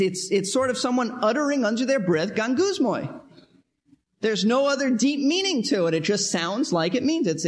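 High-voiced, animated male preacher. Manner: animated, acts out quoted voices and sounds; repeats words as he restarts. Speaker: Bible teacher. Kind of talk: expository sermon.

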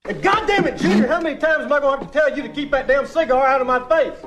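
An actor playing a hot-tempered gambler who talks in a loud, cursing, blustery way. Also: male voice, extremely high pitch, expressive, quick pace. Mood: blustering.

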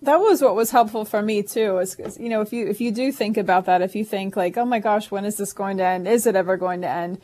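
A woman's voice: mid-range voice, fast talker, hardly any pauses, dark tone. A woman co-hosting a call-in advice show, talking reassuringly with many fillers. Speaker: co-host.

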